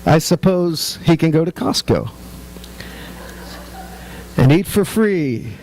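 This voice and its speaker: A middle-aged male pastor preaches with a notably high voice and a slow, deliberate pace. He keeps it conversational and joking, talking to the congregation directly. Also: big pitch swings, a little mellow, a little hiss or hum. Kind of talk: sermon.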